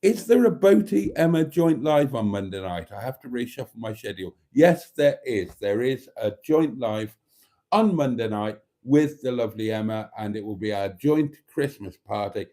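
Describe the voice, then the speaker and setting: A British man chats casually on his livestream, reading viewers' comments aloud and answering them with dry jokes and chuckles. His voice is mellow and relaxed, sitting at an ordinary middle pitch for a man. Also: normal speed. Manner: reads viewer comments aloud and banters back; chuckling, joking, often clears his throat. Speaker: livestream host.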